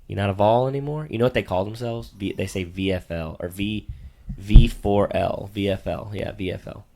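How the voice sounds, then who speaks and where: A man's voice: fairly low pitch, fairly even intonation, a little fast, darkish tone, slight background noise. A middle-aged man co-hosting a casual sports-picks podcast, teasing and playfully bossy as a father.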